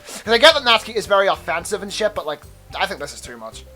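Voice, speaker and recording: A man's voice: sits high, big pitch swings, fast, sharp tone, soft background music. A young man hosting a let's play, chatting casually, laughing often, swearing and stopping to rant about the game.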